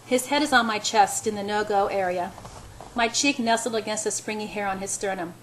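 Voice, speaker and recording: A woman reading first-person romance narration in a soft, intimate way. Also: mid-range voice, brisk, roomy sound, a little hiss or hum, poor audio. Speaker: audiobook reader.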